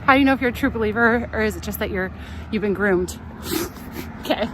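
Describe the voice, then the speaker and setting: Walking along a town street during a casual live travel stream, a young woman from California speaks at a brisk pace in a medium-pitched voice. This vlogger is chatty, laughs a lot, tells stories, and reads comments aloud from chat. Traffic and other street sounds come through in the outdoor recording.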